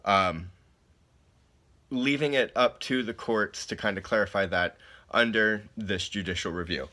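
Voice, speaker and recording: A man's voice: on the low side, unhurried, pushed and bright. A man giving a recorded case review, reading legal definitions aloud and explaining them in a casual, plain way with many fillers.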